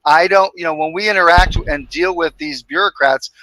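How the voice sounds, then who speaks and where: A man appearing as a guest on a talk show, speaking calmly and matter-of-factly with a lot of hesitation. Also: a little high, moderate pace, rough recording. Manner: calm and matter-of-fact, hesitant with fillers. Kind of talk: casual interview chat.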